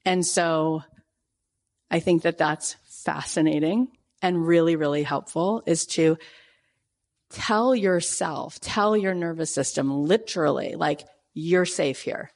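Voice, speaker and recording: A woman in her forties hosting a casual motivational talk, animated and acting out her own reactions in quoted asides. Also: low voice, takes it slowly. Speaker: podcast host.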